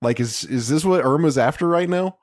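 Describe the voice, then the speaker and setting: Higher-voiced man asking curious questions. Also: expressive, no room sound, clean studio sound. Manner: inquisitive, quick to laugh. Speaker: podcast co-host. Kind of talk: casual chat.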